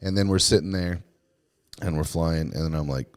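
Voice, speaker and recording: A man with a very low voice tells a story in an easygoing, rambling way and pads it with lots of "um" and "like". He sounds close to the microphone, with no room echo. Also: expressive, normal speed. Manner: laid-back, rambling with many fillers. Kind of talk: casual storytelling.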